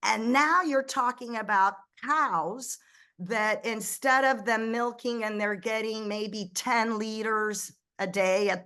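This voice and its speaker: She's a middle-aged ministry founder, from Egypt but raised in the US, with a fairly high pitch. As a guest in a conversational interview she tells stories energetically, restarting sentences often and slipping into quoted dialogue.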